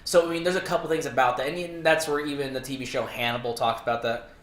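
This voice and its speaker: A man co-hosting a podcast in casual chat, crude and quick to laugh, swearing freely. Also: medium pitch, fairly even intonation, fairly bright tone. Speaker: podcast co-host. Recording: roomy echo.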